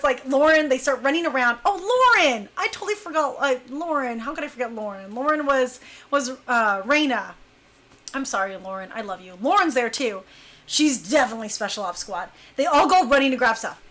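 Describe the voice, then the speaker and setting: A young woman dancer telling a personal story in a casual, animated way, dropping to a hush when she acts out what people said. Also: high voice, moderate pace. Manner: animated, acts out quotes in hushed voice.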